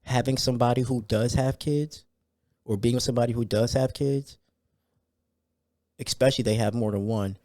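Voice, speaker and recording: A man hosting a solo podcast in a loose, conversational way, full of fillers and sudden excited rants. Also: medium pitch, moderate pace, long pauses, no room sound, clean studio sound. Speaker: podcast host. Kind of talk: casual solo podcast talk.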